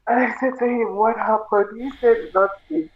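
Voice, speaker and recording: A Jamaican woman, a grieving mother, telling her story in a halting, tearful way and repeating her words. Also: fairly high pitch, slight background noise. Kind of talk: emotional personal testimony. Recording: tinny phone-like sound.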